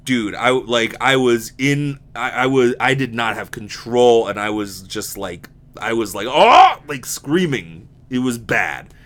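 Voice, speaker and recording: A man's voice: mid-range voice, measured pace, a bit bright. A young man with a slight lisp and a sore mouth, hosting a casual solo podcast in a rambling, candid way with frequent swearing and restarts. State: sore mouth from impacted wisdom teeth. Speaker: podcast host.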